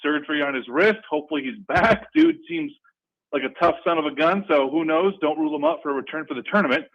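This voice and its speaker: A man calling in to a sports radio show, talking in an energetic, excitable and rambling way. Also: fairly high pitch, quick pace. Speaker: regular caller. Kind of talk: casual sports talk radio call. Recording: dull lo-fi phone line.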